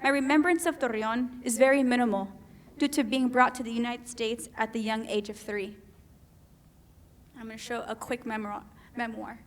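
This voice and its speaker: A woman from Mexico giving a keynote talk as spoken poetry, with a measured, lyrical delivery that savors each word. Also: on the high side, fairly even intonation, slight background noise. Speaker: keynote speaker. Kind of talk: poetic spoken presentation. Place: conference hall.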